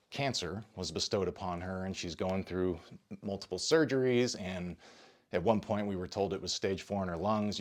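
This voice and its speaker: A man with a deep, low voice speaks earnestly to the camera about his own struggles. He talks in a confessional way, halting and restarting as emotion catches him. He sounds slightly short of breath. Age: adult parent. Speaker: video creator and podcaster. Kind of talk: personal testimony to camera.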